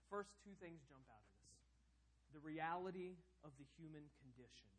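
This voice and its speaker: A man preaching a sermon as pastor, swinging between loud, emphatic passages and hushed, quiet ones. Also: high voice, low-quality recording.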